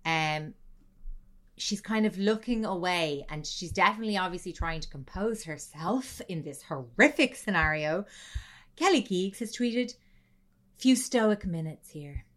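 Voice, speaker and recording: A woman co-hosting a podcast, telling a story with lively, swearing, laughing comedic chat. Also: fairly low pitch, moderate pace. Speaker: podcast co-host.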